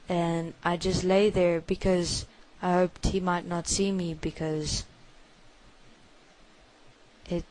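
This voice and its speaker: Woman, first-person confession, slow halting delivery, somewhat low voice, repeats herself. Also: low-quality recording. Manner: halting, hushed storytelling with many repetitions.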